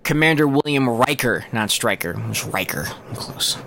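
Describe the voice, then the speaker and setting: A man's voice: medium pitch, lively intonation, normal speed, vocal fry, pushed and bright, slight background noise. A young man co-hosting a podcast, talking casually and animatedly, joking and swearing. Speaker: podcast co-host. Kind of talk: casual chat.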